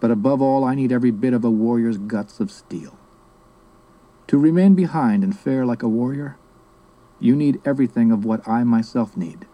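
A man voicing an old male sorcerer teacher who speaks calmly and firmly. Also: medium pitch, lightly acted, poor audio. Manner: calm, measured, quietly firm.

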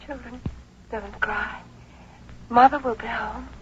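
A woman's voice: fairly high pitch, steady tone, takes it slowly. An actress playing a dazed, grieving mother held in prison, who speaks in wandering, broken phrases, on an old radio drama recording. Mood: distraught, dazed. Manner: wandering, broken, dreamlike speech. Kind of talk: 1950s radio drama acting. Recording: dull old radio broadcast with faint hiss.

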